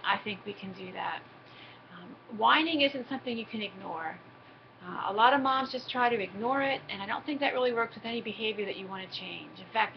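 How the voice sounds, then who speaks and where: A middle-aged woman speaks in an earnest, practical tone as she explains parenting tips to her viewers. Her voice sits at an ordinary pitch for a woman. The recording is dull and lo-fi, with a steady noise underneath. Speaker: parenting advice host. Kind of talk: casual advice talk to camera.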